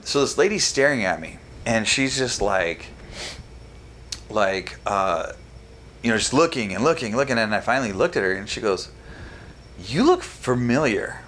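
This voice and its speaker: Animated storytelling man, swears freely. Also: on the low side, a little hiss or hum. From California. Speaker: podcast guest. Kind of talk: casual storytelling chat.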